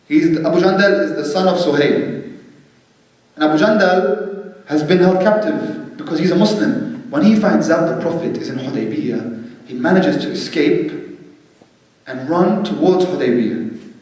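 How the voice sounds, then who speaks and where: A man giving a religious storytelling lecture, animated and acting out quoted speech, in a large hall. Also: on the high side, normal speed, pauses often. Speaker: religious speaker. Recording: echoey hall, distant mic.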